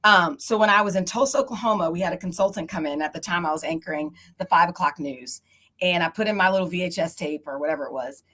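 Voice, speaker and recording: A middle-aged woman, a TV news anchor, moderating a panel and telling stories in a chatty, animated way. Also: lowish voice, quick pace. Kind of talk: casual panel discussion.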